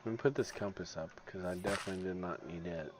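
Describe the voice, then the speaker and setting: Sleepy low-voiced man streaming a game. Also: fast talker. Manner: mumbles quietly to himself, then bursts out loud and laughing. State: sleepy, yawning. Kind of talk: casual gameplay commentary. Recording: dull lo-fi stream audio, faint noise.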